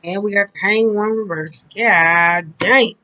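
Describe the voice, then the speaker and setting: A woman's voice: medium pitch, a little slow, pushed and bright, poor audio. Woman tarot reader, casual and blunt, swears freely, loose rambling delivery. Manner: blunt and profane, chatty and rambling. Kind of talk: casual tarot card reading.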